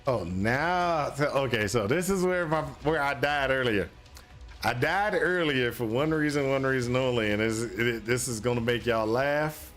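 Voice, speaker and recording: A man's voice: medium pitch, moderate pace, fairly bright tone, soft background music. A man streaming a game, giving casual, rambling commentary full of restarts and exasperated exclamations. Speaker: gaming streamer.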